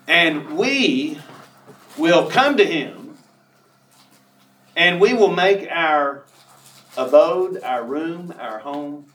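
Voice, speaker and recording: A man preaching a sermon, emphatic, who reads scripture slowly and draws out key words. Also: fairly high pitch, fairly bright tone, far from the mic, slight background noise. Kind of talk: sermon on a Bible passage. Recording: echoey room from off the mic.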